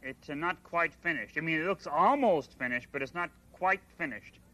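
Bert, a fussy puppet. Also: male voice, a little high, animated, moderate pace, bright, forceful tone. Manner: earnest, fussy, nitpicking. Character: fussy earnest male puppet grown-up. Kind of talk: children's puppet comedy sketch.

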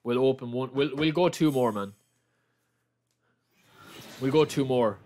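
With a mid-range, darkish voice and a slightly slow delivery, an Irish man streams himself opening player packs. He repeats his exclamations and refers to his viewers as lads.

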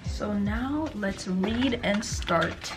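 A woman's voice: mid-range voice, extremely slow, loud music behind the voice. A young woman chatting casually to camera at home, playful and self-deprecating. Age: young adult. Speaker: vlogger. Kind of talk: casual vlog chat. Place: at home indoors.

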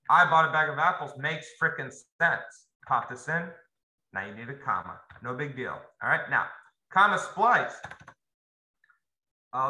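A man's voice: fairly high pitch, bright, forceful tone. A young man teaching a casual grammar lesson, loose and conversational, talking straight to his students. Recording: roomy echo, faint noise.

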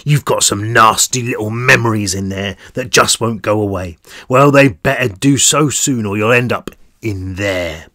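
A man's voice: on the low side, moderate pace, sharp tone, dry recording, studio quality. A man growling as a giant menacing guard. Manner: growling threats. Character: giant menacing male guard in a black suit.

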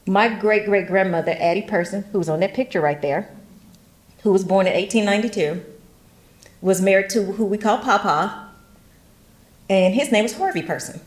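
A woman's voice: medium pitch, normal speed, long pauses. A middle-aged woman from West Tennessee, giving a chatty genealogy workshop talk with folksy asides and frequent laughter. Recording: roomy echo.

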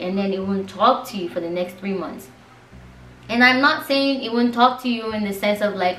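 A young woman from Nigeria tells a story straight to her viewers in an animated, chatty way. The room sounds roomy and the mic sits a little away from her. A faint hiss runs under her voice. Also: medium pitch, brisk, distant mic. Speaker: vlogger. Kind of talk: casual storytime monologue.

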